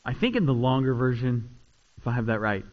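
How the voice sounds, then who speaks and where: A man preaching a sermon, swinging between loud, rising retellings and quiet, low asides. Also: expressive, a little fast, dull audio. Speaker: pastor.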